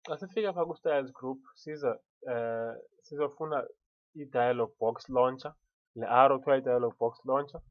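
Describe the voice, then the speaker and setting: A man with a Xhosa accent talks a viewer through a software tutorial, mixing Xhosa and English as he goes. His delivery is halting, with frequent restarts, and his voice sits at an ordinary middle pitch. The recording is dry and a little dull, with no room sound around it. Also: dry recording.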